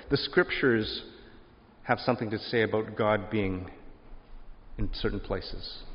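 Man, pastor, conversational sermon, fairly low voice, long hall reverb, muffled sound. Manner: conversational preaching with scripture reading and family anecdotes.

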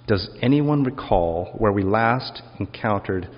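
A man's voice: on the low side, animated, measured pace, hardly any pauses, slightly rough. A male pastor preaching a sermon in a reflective, conversational way, asking the congregation rhetorical questions. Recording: dull lo-fi sermon recording with long hall reverb.

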